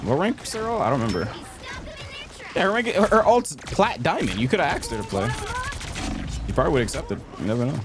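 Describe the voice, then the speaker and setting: A man's voice: a little high, very animated, fast talker, pauses often. A young man casually chatting on a game live stream, joking and teasing a viewer, laughing often. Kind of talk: casual live-stream chat while gaming. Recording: game sounds and noise behind.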